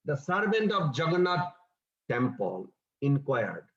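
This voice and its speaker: A man's voice: a little high, unhurried, highs cut off. A man giving a scripture class in an earnest, explanatory storytelling manner. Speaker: scripture teacher.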